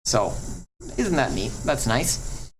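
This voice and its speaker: A man teaching Latin pronunciation, talking at an unhurried, slow pace and stretching out each example word. His tone is chatty and encouraging, and there is a faint hiss under his voice. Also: mid-range voice, sing-song, poor audio. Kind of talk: classroom lesson on pronunciation.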